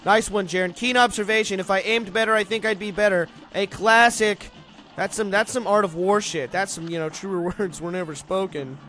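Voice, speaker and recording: A young man doing casual, jokey let's-play commentary, rambling and breaking into loud outbursts when he fails. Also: high voice, fairly even intonation, normal speed, soft background music.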